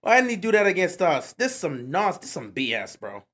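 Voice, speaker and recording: Talking quickly in a high, slightly bright voice with big pitch swings, this livestream host calls football play by play during a watch-along. He keeps breaking into exasperated, slang-heavy rants at the game.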